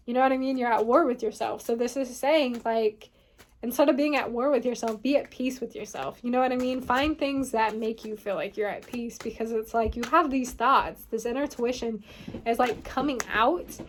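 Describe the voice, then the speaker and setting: A woman's voice: a little high, moderate pace, slight background noise. A woman giving a casual tarot reading, rambling and filling her talk with "like" and "you know what I mean". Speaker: tarot reader.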